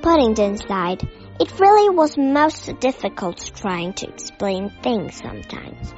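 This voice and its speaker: A woman reads a children's story aloud, taking it slowly and deliberately, in a somewhat high voice. The recording sounds dull, with faint music in the background. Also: big pitch swings, a little mellow. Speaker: story reader. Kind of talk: reading a children's novel aloud.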